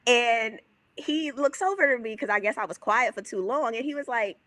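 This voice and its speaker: Bright-voiced woman telling a story. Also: on the high side, normal speed, dry recording. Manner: animated, acts out quoted dialogue, swears freely. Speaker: podcast guest. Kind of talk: casual storytelling.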